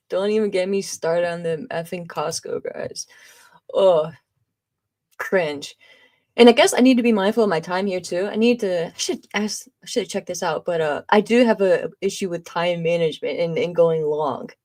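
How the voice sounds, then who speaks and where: A woman's voice: mid-range voice, a little mellow. A woman hosting a live podcast stream, reading viewer comments aloud in a loose, chatty way, laughing often and making exasperated asides. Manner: exasperated, eye-rolling asides. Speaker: podcast host.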